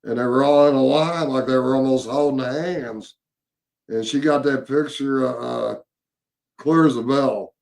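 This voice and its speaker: Gravelly man telling a story. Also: medium pitch, fairly even intonation, darkish tone. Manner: halting, many fillers and repeated words. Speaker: paranormal investigator. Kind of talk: casual storytelling chat.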